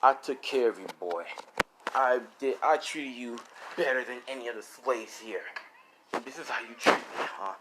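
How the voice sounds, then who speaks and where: A man's voice: medium pitch, normal speed, very noisy, lightly acted. A man voicing a cruel, volatile female slave owner in a spoken fan story, sliding from sugary to cold. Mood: aggrieved.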